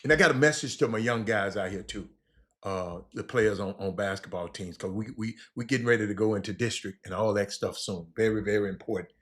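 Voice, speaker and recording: Bright-voiced man chatting loosely. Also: lowish voice, fairly quick. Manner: repetitive, stop-start, informal slang. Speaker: livestream host. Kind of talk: casual rambling chat to viewers.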